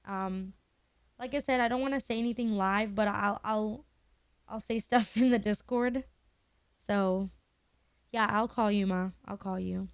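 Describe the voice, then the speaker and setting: A woman's voice: mid-range voice, measured pace, long pauses, clean tone, dry recording. A young woman streamer in her twenties chatting candidly and emotionally with her viewers, swearing casually.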